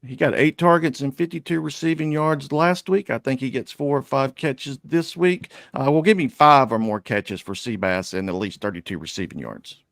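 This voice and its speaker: A man's voice: mid-range voice, moderate pace, gravelly, few pauses, a bit bright, no room sound, clean studio sound. Laid-back man listing soccer bets. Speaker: show panelist. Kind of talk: sports betting picks.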